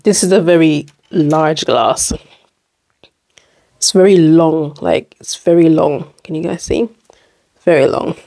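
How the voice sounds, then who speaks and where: Low, mellow-voiced woman vlogger. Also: a little slow, creaky. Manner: relaxed, chatty, eating between remarks. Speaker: mukbang host. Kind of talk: casual eating vlog chat.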